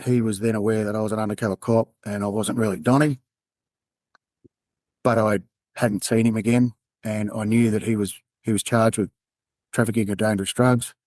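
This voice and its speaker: Australian man, low voice, candid storytelling. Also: fairly even intonation, darkish tone, no room sound. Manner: candid, halting, acts out quoted dialogue. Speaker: podcast guest, former undercover police officer. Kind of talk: personal storytelling in an interview.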